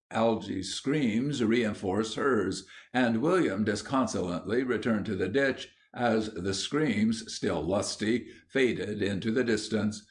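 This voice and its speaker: A man reading an audiobook in a measured, wry storytelling voice. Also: lowish voice. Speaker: audiobook narrator.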